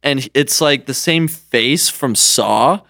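Animated young-sounding man telling a dream. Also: medium pitch, slow pace, creaky, dry recording, studio quality. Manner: animated storyteller, laughs often, heavy filler "like", swears. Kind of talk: casual chat, telling a dream story.

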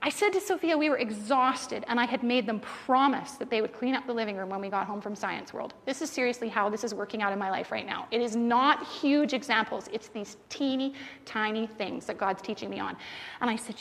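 Her voice is a little high and a little fast as this thirtysomething woman tells family stories from the pulpit, lively and acting out people's quotes. It's recorded in an echoing church hall with faint background noise.

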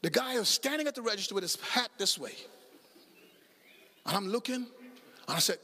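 Bright, high-pitched preaching pastor. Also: male voice, moderate pace, long pauses. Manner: animated storytelling preacher, acts out dialogue, sudden shouts. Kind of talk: sermon.

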